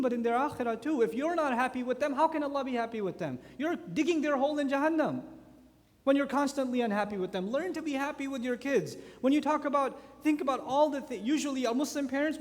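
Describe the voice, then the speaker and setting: High-voiced man lecturing in a hall. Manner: animated, lively storytelling with rhetorical questions. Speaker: speaker at a youth conference. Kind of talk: lecture sermon. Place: large conference hall. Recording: hall reverb from a conference hall.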